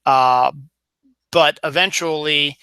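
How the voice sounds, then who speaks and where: A man's voice: a little high, fairly even intonation, slow, bright, forceful tone, clear, resonant tone, no echo. A man in his forties from Baltimore with a light Baltimore accent, hosting a solo podcast in a rambling casual chat with many fillers and restarts. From Baltimore, Maryland. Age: 40s. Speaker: podcast host.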